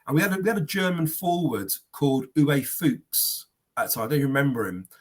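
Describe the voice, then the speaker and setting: A man telling animated football anecdotes on a podcast panel, slipping into quoted voices. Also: a little high, a little fast. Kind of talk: casual storytelling.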